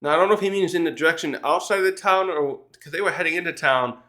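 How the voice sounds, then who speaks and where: A man's voice: fairly high pitch, quick pace, bright, forceful tone. A man casually recapping a manga chapter in a rambling, chatty way, with frequent restarts and small laughs.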